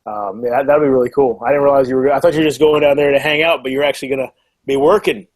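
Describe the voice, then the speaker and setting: Animated American man, easily incredulous. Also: mid-range voice, racing. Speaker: co-host of a board game live chat. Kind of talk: casual chat.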